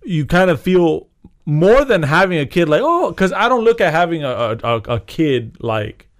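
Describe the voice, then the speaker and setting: A man with a slightly high voice co-hosts a casual podcast. He tells a story with lots of energy and curses freely. He breaks into laughter as he goes. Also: normal speed. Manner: animated storyteller, profane, laughing often. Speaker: podcast co-host. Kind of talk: casual chat.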